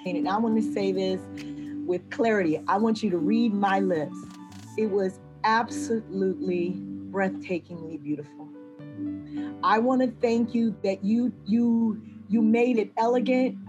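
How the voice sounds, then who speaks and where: A woman's voice: medium pitch, highs cut off, music in the background. A woman hospital chaplain giving a heartfelt, emphatic thank-you testimonial. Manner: emphatic, deliberate.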